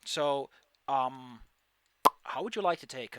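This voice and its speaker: A man's voice: mid-range voice, takes it slowly, clear, resonant tone, dry recording. A man running a tabletop game as game master, chatty and laughing often as he narrates.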